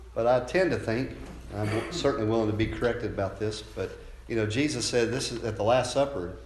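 Man preaching in an echoey room. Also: slight background noise. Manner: builds from calm teaching to loud, high-pitched fervor. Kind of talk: sermon.

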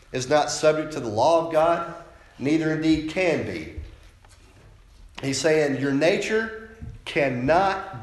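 A man preaching a sermon as a pastor, emphatic and insistent, often ending points with a rhetorical "right?". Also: medium pitch. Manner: preaching with frequent rhetorical "right?" tag questions. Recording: roomy echo.

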